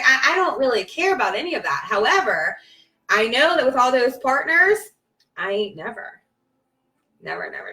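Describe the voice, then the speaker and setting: A woman's voice: a little high, bright, forceful tone. A woman giving a casual spiritual pep talk on a live video, emphatic and repetitive, with bursts of cheering and swearing. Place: at home, on a live stream. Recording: roomy echo from a distance.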